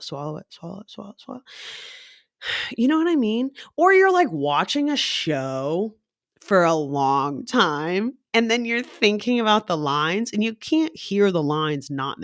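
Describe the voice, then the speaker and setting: A woman's voice: fairly low pitch, a bit bright, no echo, studio quality. A young woman who works in a coffee shop, talking in a rambling casual monologue, swearing freely and laughing often.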